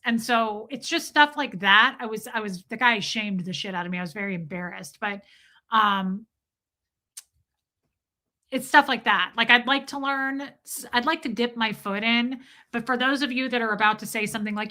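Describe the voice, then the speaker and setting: Woman on a casual livestream, fairly high bright voice, chatty and candid, thanks viewers by name. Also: normal speed. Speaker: livestream host. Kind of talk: casual livestream Q&A, reading and answering chat.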